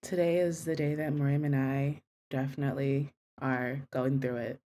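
A woman's voice: a bass voice, little pitch movement, moderate pace, warm tone, slight background noise. A young woman co-hosting a podcast in casual chat, her voice congested from a cold, joking and slangy. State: congested, sick voice. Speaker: podcast co-host.

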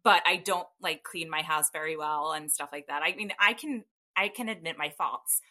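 A woman's voice: sits low, moderate pace, sharp tone. A woman chatting as a guest over a call, rambling with fillers and laughing often. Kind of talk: casual chat. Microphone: call audio.

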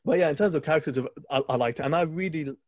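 A man's voice: a little high, quick pace, darkish tone, no echo. A man co-hosting a podcast, chatting casually and enthusiastically about a film, rambling with restarts. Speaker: podcast co-host.

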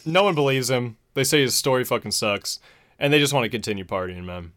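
Male host, easygoing and foul-mouthed, plot-recap delivery at an ordinary pitch. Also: lively intonation, fairly quick, fairly bright tone. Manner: profane, laid-back retelling with chuckles. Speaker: podcast host. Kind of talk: casual movie recap.

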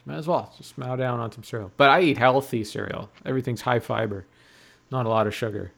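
Male podcast co-host from Canada, mid-pitched voice, defensive and playful banter. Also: brisk, gravelly, a bit bright.

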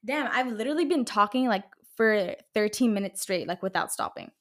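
This young Californian podcaster rants on her own show, angry, foul-mouthed and packed with fillers. Her mid-range voice has lively intonation and a fairly bright tone at a normal speed.

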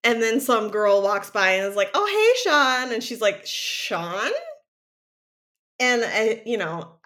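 A woman's voice: mid-range voice, normal speed. A woman co-hosting a podcast, casually recapping a TV episode with lots of "like" fillers and laughs. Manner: animated storytelling, many "like" fillers, frequent laughs. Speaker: podcast co-host.

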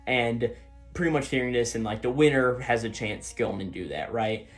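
A man's voice: medium pitch, brisk, faint music behind. A man hosting a casual recap, talking in loose, rambling sentences full of fillers and paraphrased quotes. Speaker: manga discussion host.

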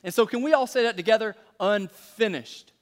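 A man's voice: very high-pitched, very fast, big-room sound. A man preaching a sermon in a casual, joking way, peppering his talk with fillers and stories. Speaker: pastor.

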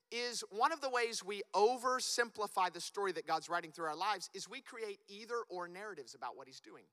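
High, bright-voiced preaching man. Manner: animated, building to loud emphatic peaks. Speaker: pastor. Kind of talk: sermon. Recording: long reverb of a church hall.

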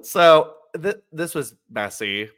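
Male podcast co-host, bright voice, lively pitch, animated storyteller. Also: slow pace, clean tone. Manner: animated storyteller, acts out quotes. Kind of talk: casual chat recapping wrestling.

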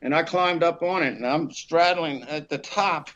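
Middle-aged male actor, podcast guest, slightly high pitch, lively storyteller, dull lo-fi mic. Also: moderate pace. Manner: animated, acts out the women he quotes in a raised voice. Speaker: actor telling a career story.

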